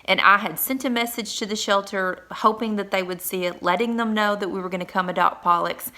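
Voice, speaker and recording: A woman's voice: mid-range voice, steady tone, a little fast, bright, forceful tone. A woman vlogger and mother telling viewers a heartfelt story in a casual, earnest way. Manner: earnest and emotional, addresses viewers directly.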